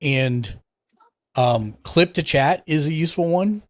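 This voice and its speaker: Man calmly walking through streaming setup. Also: a little high, measured pace, dry recording. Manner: relaxed, explains step by step while clicking around. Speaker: streaming tech support host. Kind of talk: casual live-stream tech walkthrough.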